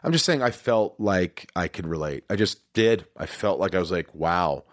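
A man's voice: sits low, expressive, normal speed, no room sound, studio quality. A man in his forties, a podcast host, talking earnestly and emphatically in a rambling, confessional way. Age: 40s. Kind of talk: casual confessional talk.

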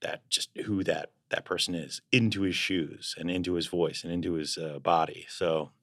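A man's voice: deep voice, fairly even intonation, moderate pace, a bit bright. A man being interviewed as a guest actor, talking in a reflective, casual way and searching for words as he goes.

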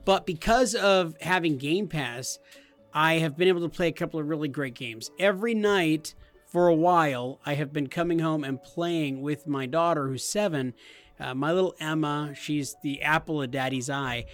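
A man in his thirties, a podcast co-host, chatting casually and acting out game moments with loud outbursts. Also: moderate pace, faint music behind. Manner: animated, acts out game moments in loud high voices. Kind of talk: casual chat.

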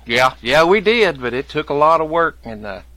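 A man's voice: a little high, sharp tone, dry recording. A man guest telling a long comic story in folksy rural dialect, acting out both sides of the conversation. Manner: drawling rural dialect, acts out both sides of his stories.

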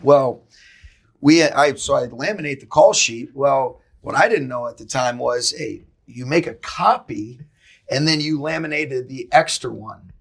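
Gravelly, husky-voiced man telling a story. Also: mid-range voice. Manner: quick, animated storyteller. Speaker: head coach, podcast guest. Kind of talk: casual storytelling.

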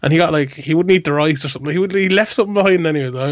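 A man's voice: on the high side, very fast, few pauses, dry recording, dull audio. Blunt swearing man, dry sound. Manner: blunt, swears freely, rambling. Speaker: podcast co-host. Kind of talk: casual podcast chat.

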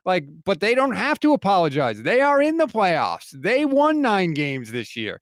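A man with a fairly high voice pushes back in a casual sports debate with dry sarcasm. His voice is close and dry, with no room sound. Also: normal speed, hardly any pauses, no room sound. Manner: dry, sarcastic, calmly countering. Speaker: podcast co-host.

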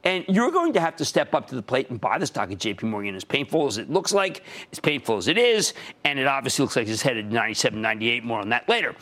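A man's voice: medium pitch, very animated, quick pace, sharp tone. A man in his sixties hosting a market commentary show, talking emphatically and punching key words.

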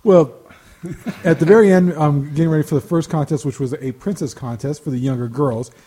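On a casual podcast, a male co-host rambles through anecdotes, chuckling now and then in a relaxed storytelling chat. His voice is mellow and fairly high-pitched, and he talks fairly quickly.

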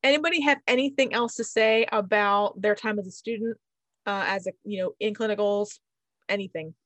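A woman's voice: medium pitch, fairly quick, no room sound. Chatty woman hosting a podcast. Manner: relaxed, talkative, reflective. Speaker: podcast host. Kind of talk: casual podcast chat.

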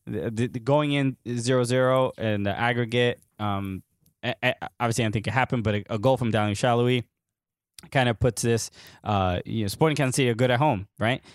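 Talking a little fast in a medium pitch, a young American co-host on a casual soccer podcast tells a meandering story peppered with fillers and laughter. The sound is clean studio audio with no room tone.

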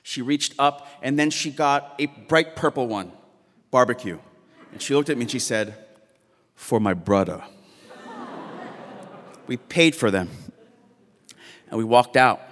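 A man telling a personal story on stage, halting and repeating words, often laughing as he speaks. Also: medium pitch, a bit bright, in a large hall.

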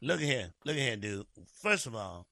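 A man's voice: mid-range voice, sing-song, brisk, vocal fry, pushed and bright, no room sound, clean studio sound. A man co-hosting a radio show, giving blunt, profane advice full of teasing roasts.

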